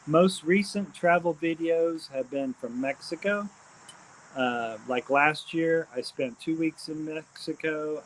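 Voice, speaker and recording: A man hosting a casual live stream, rambling and repeating his shout-outs with many ums and uhs. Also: medium pitch, a little hiss or hum, rough recording. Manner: hesitant, frequent ums and uhs.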